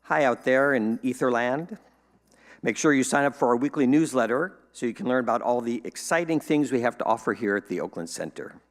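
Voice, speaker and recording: A man's voice: medium pitch, a little fast, long reverb tail. Upbeat man hosting church announcements. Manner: upbeat, playful, joking asides. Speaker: service host giving welcome and announcements. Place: church sanctuary.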